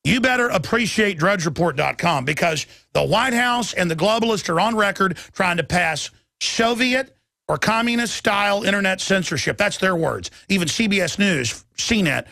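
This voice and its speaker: Gravelly, ranting male talk radio host. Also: sits high, lively intonation, normal speed, no echo, studio quality. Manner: heated, emphatic ranting with sudden loud bursts. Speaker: radio and web show host. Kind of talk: political talk radio monologue.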